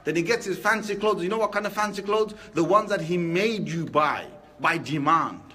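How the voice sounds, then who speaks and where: High-voiced preacher. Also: male voice, moderate pace. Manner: lively and conversational, asking the crowd rhetorical questions. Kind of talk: Friday sermon.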